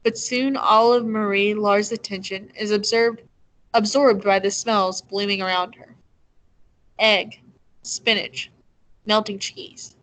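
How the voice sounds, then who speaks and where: A woman reading a novel aloud in a measured, gentle storytelling manner. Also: mid-range voice, fairly even intonation, rough recording. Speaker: reader.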